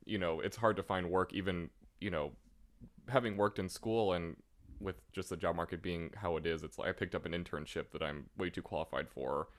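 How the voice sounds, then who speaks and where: A man's voice: deep voice, fairly even intonation, a little fast. A young man talking casually, rambling with many fillers as he describes his struggles. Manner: rambling, lots of fillers and likes. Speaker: guest. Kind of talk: casual conversation.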